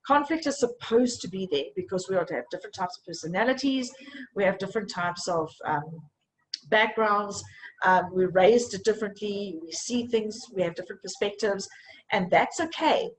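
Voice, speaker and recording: An encouraging woman leads a live online coaching session, stopping often to check that her listeners follow. Her voice sits at an ordinary middle pitch. A faint hiss of background noise runs under her talk. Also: moderate pace, poor audio. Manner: encouraging, repeats "okay?" to check in.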